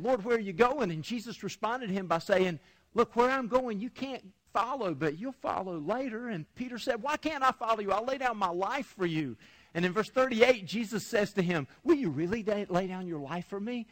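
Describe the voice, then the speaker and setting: High-voiced man preaching casually. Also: a bit bright. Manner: conversational, retells scripture in his own words. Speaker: pastor. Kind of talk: sermon.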